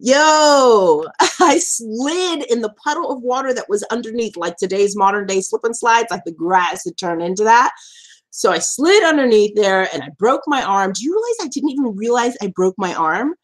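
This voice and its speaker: Hosting her live stream, this survivor advocate shares her own story in an animated way, full of laughter and acted-out quotes that leap in pitch. When she reaches serious matters, she eases her pace and speaks more gently.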